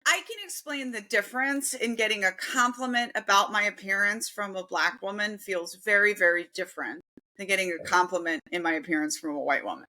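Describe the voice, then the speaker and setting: A woman's voice: medium pitch, fairly quick, bright, forceful tone, poor audio. A woman born in the Philippines co-hosting a podcast in casual chat, talking loosely with lots of fillers. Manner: conversational, lots of "like", mimics voices. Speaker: podcast co-host.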